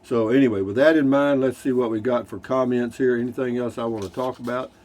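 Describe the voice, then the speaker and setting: A man's voice: mid-range voice, fairly even intonation, fairly quick, darkish tone. Folksy older Texan man. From Texas. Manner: folksy, rambling, dry humor. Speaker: RV vlogger. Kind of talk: casual chat reading viewer comments. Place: inside a Class C motorhome.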